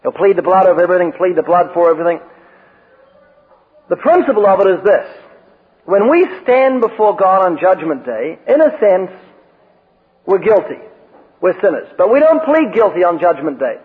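A man with a high voice preaches a sermon, telling stories and acting out quoted lines with emphasis. The sound is thin and phone-like, like an old radio broadcast, with a long echo trailing behind him. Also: lively intonation, fairly quick, long pauses, breathy edge.

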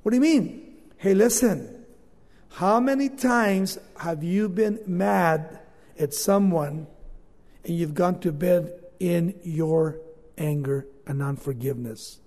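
A male preacher tells a Bible story in an informal way, his loudness swinging from forceful to hushed. His voice sits high. The sound rings in a hall with a long reverb. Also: slow pace. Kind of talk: sermon.

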